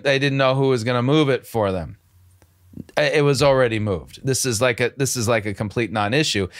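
A man's voice: a little high, a bit bright. A man hosting a commentary show, picking apart a sermon clip with sarcastic, incredulous remarks and frequent restarts. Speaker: host.

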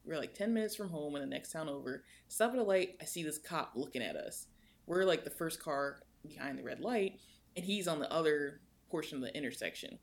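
Young woman, podcast co-host, gravelly fry, lively storyteller. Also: fairly quick. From United States. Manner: animated, swings in pitch while telling a story. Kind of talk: casual storytelling chat.

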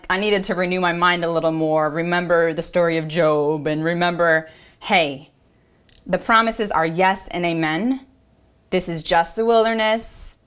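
A woman's voice: fairly low pitch, a bit bright, clear, resonant tone. A woman apostle giving a devotional podcast teaching. She is earnest and encouraging, repeats affirmations and talks conversationally with many fillers.

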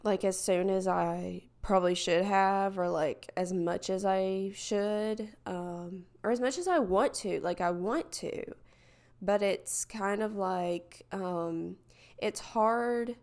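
A woman's voice: medium pitch, slow, a little mellow. A woman hosting a casual solo podcast, talking in a hesitant, rambling way full of fillers, candid and reflective. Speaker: podcast host.

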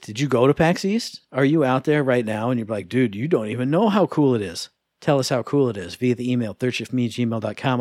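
A man's voice: medium pitch, darkish tone, no room sound, clean studio sound. A man co-hosting a podcast, joking and rambling in casual chat. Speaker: podcast co-host.

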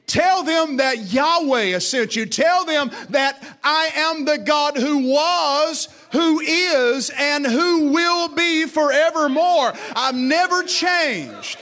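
Man doing God speaking, solemn, slow, drawn-out, high voice. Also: lively intonation, sharp tone, full character voice.

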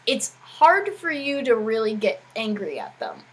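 Chatty woman with a husky, higher voice. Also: sing-song, unhurried, low-quality recording. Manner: chatty, rambling, with frequent "like" fillers. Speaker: podcast co-host and educator. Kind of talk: casual chat.

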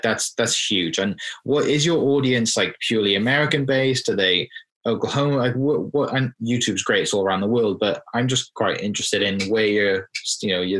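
A man hosting a podcast interview, asking questions haltingly with many restarts. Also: lowish voice, a bit bright, poor audio. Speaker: podcast host. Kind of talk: casual interview chat.

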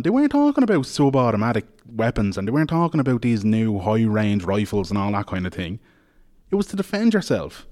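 A man's voice: mid-range voice, a little mellow. A man arguing bluntly and with exasperation in a studio debate. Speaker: panelist.

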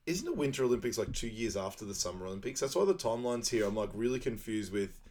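A man's voice: on the low side, quick pace. A man co-hosting a podcast, recapping a film in casual chat, rambling and laughing often as he quotes scenes. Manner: rambling, laughs often, animated when quoting lines. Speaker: podcast co-host.

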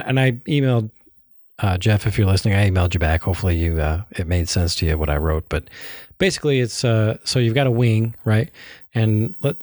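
A man's voice: fairly low pitch, a little mellow, dry recording, clean studio sound. A man co-hosting a hobby podcast, chatting casually and explaining things with many fillers and restarts. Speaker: podcast co-host.

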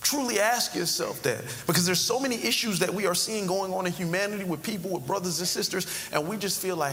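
Man, pastor, sermon, animated pitch swings, long church reverb, faint noise. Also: normal speed. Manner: conversational preaching with sudden emphatic rises.

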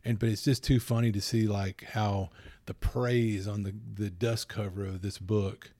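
A man co-hosting a casual podcast chat, rambling and animated, acting out little quoted voices, foggy from allergies. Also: lowish voice, unhurried, no echo. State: addled by allergies. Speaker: podcast co-host.

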